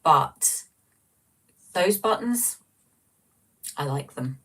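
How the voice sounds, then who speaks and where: A chatty woman hosts a relaxed livestream, reading out viewer comments and poking fun at herself as she rambles on. Her voice sits low for a woman. She sounds a little distant from the mic in a small room. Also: very slow. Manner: chatty, rambling and self-mocking. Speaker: livestream host.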